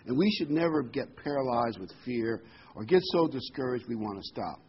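A man's voice: medium pitch, expressive, normal speed, slight background noise. Folksy preacher man, slightly dull recording. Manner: folksy, with corny jokes and many ums. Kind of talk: sermon.

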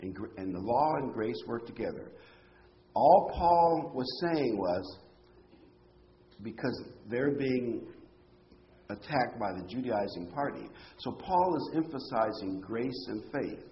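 A man's voice: mid-range voice, lively intonation, takes it slowly, highs cut off. A man preaching a Bible-teaching sermon, explaining scripture with rhetorical questions and emphatic phrases.

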